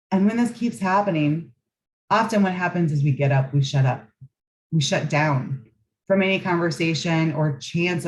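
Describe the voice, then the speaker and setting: Low-pitched lady coach, calm and affirming, earnest coaching talk. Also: poor audio. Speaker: relationship coach.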